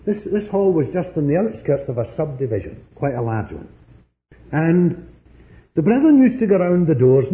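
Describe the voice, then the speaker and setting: A man delivers an earnest sermon in a mellow, unhurried voice. His pitch climbs and falls freely as he builds emphasis. The recording sounds dull and lo-fi. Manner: storytelling, earnest, with rising emphatic stresses. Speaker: preacher.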